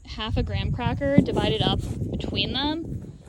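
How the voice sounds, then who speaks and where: A woman sheep farmer filming a casual vlog outdoors in her pen on a handheld camera, chatting and coaxing her animals in a high sing-song. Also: measured pace, heavy background noise. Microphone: handheld camera while working.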